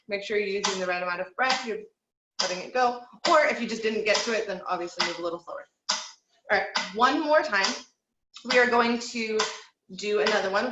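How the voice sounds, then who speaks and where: Female voice coach leading warm-ups from home; encouraging, instructive read, recorded in a reverberant room with heavy noise. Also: medium pitch. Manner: encouraging, instructive, counts aloud. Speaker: vocal teacher. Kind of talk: online singing lesson, guiding breathing exercises.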